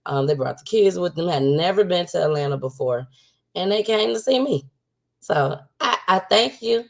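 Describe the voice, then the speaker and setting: An outspoken woman hosts a casual livestream talk show. Her voice sits fairly low and breaks into a gravelly fry. She leans on repetition to press her points home. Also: expressive, moderate pace. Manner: outspoken, emphatic, repeats herself for emphasis.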